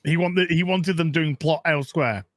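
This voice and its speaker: A man's voice: on the high side, normal speed, no echo. A man in casual chat as a podcast co-host, frank and opinionated, swearing freely. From England.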